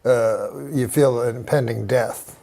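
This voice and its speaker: Canadian male comic, gravelly voice, halting deadpan delivery with restarts. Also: medium pitch. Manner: halting, restarts, self-deprecating jokes. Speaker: comedian guest. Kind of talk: casual interview chat.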